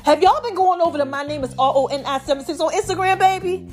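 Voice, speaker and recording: A woman with a high voice hosts her own podcast, talking straight to her listeners in a lively, sermon-like way. She sounds a little out of breath as she goes. Soft music plays faintly behind her. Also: fast. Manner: animated, preachy, calls listeners y'all and child. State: a bit out of breath. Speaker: podcast host. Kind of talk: casual faith talk.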